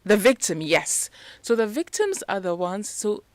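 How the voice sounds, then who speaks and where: Woman, leadership speaker on a radio show, mid-pitched, explains like a teacher. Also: big pitch swings, a little slow, darkish tone, dry recording. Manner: teaching, asks rhetorical questions. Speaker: leadership and communication strategist, guest. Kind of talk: radio interview, explaining to a host. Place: radio studio.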